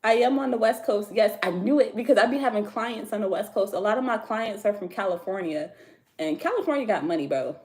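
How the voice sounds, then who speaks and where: A woman's voice: medium pitch, animated, brisk, a little mellow. Laid-back American woman livestreaming. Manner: laid-back slangy talk, laughs often. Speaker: tarot reader livestream host. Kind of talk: casual livestream chat with viewers. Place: home.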